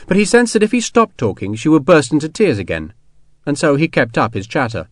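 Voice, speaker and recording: A man narrating an adventure novel in a steady, measured storytelling voice. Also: a little high, dry recording, studio quality. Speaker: audiobook narrator. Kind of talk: scripted narration.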